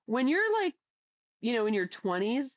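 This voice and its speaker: A woman's voice: a little high, big pitch swings, normal speed, dry recording, lo-fi sound. A middle-aged woman from Ohio hosting a livestream, reading chat aloud in a blunt, crude, chatty way. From Ohio, USA.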